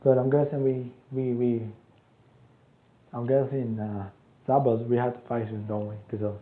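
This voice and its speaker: A man's voice: mid-range voice, level tone, normal speed. Brief: casual rambling male storyteller, tinny phone-like audio in an echoey room. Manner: rambling, full of fillers and restarts. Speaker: channel host.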